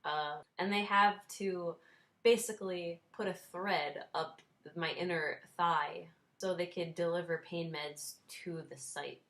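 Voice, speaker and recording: A young woman in her twenties talks straight to her viewers in a relaxed vlog. Her voice sits a little low, and her tone stays wry and self-mocking, with small laughs slipped in. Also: measured pace. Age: 20s. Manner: wry, self-deprecating, laughs while telling. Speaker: vlogger. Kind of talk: casual storytelling vlog.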